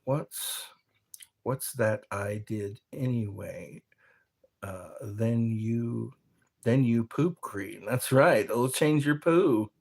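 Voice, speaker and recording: Slow-talking husky man streamer. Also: mid-range voice, a little mellow. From United States. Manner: slow, rambling, reads chat messages aloud. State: a little tipsy from wine. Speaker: live streamer. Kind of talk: casual live-stream chat reading comments.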